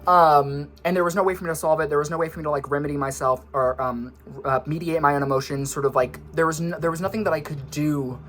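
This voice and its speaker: A man's voice: fairly high pitch, a bit bright. A young man, a vlogger and musician, talking in a casual rambling monologue, a little out of breath, jumping between tangents and poking fun at himself. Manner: scattered, tangent-prone, self-mocking. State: slightly out of breath.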